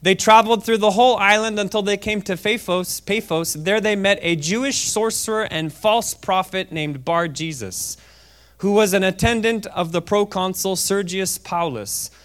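High-voiced smooth preacher man. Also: normal speed. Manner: chatty, checks in with "okay?" often; swings from quiet asides to loud fervent reading. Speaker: guest preacher. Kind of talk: sermon with scripture reading. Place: church service.

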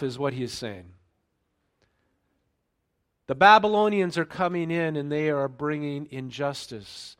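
A man preaching a sermon in a conversational way, checking in with the congregation and turning louder and higher when he reads scripture aloud. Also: normal speed. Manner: conversational preaching with frequent fillers and check-ins; raises pitch and volume when reading scripture aloud. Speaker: pastor.

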